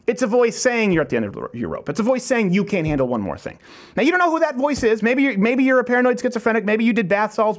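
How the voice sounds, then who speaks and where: Emphatic male host with a lively pitch. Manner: emphatic, pep-talk delivery with repeated phrases. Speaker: talk show host. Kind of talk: motivational monologue.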